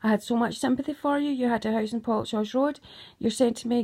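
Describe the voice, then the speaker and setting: A woman's voice: on the high side, steady tone, brisk, a little mellow. A middle-aged woman, recounting grievances to her daughter in an emphatic, accusing way. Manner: accusing, emphatic, keeps asking "right?". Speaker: mother. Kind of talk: emotional recounting monologue.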